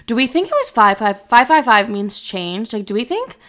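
A woman's voice: a little high, sing-song, moderate pace, a bit bright. A young woman hosting a solo podcast, chatting casually in a brash, rambling, profane way. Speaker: podcast host.

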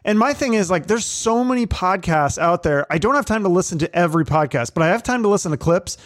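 A man interviewing a guest on his podcast in casual chat, eager and quick to agree. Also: sits high, lively intonation, dry recording, clean studio sound.

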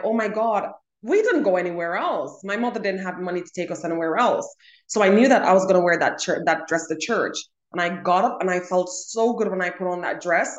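Young adult woman, casual chat, emphatic storyteller, repeats words for stress, echoey room. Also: fairly low pitch. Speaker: co-host. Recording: roomy echo.

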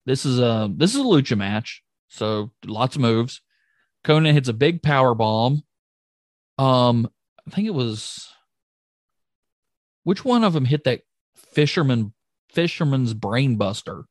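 A man chatting on a podcast, his pitch leaping up and down as he gets worked up. The sound is dry and close, with no room around it. He is excitable and jokey, breaking off mid-sentence and starting over. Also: unhurried, long pauses, no echo. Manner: excitable, jokey, trails off and restarts. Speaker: podcast co-host recapping wrestling. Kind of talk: casual chat.

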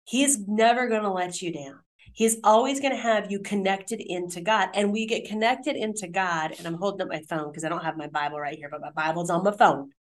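A woman's voice: mid-range voice, fairly quick. Encouraging middle-aged woman telling stories. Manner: animated, encouraging storyteller. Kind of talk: casual faith chat and personal story.

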